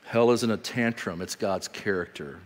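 A man in his thirties preaching a sermon as pastor, telling stories animatedly and swinging from loud bursts to quiet, slow emphasis. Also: fairly low pitch. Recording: reverberant hall.

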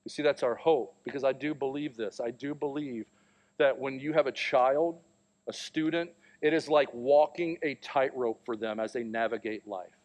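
A man's voice: medium pitch, moderate pace, dull audio. A man in his thirties preaching a sermon, telling a family story and acting out the voices in it. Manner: storytelling, animated, acts out quotes. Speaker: pastor.

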